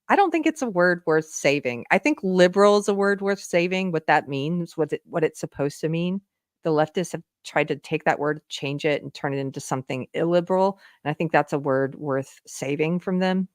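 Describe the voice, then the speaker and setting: Low-voiced woman hosting a livestream. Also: brisk, no room sound, studio quality. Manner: chatty, laughs often, talks to viewers. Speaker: livestream host. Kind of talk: casual livestream commentary.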